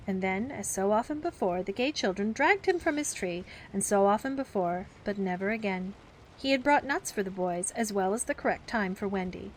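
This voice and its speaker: Woman, bedtime storyteller, mid-pitched voice, faint hiss behind. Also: animated, normal speed. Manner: acts the characters with raised pitch for the children's outbursts.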